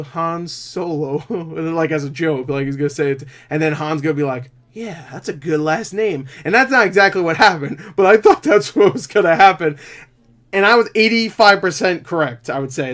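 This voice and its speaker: A man reviewing a movie in casual, rambling talk, full of fillers and offhand swearing, with sudden jumps in loudness. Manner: excitable, quick shifts in loudness and pitch.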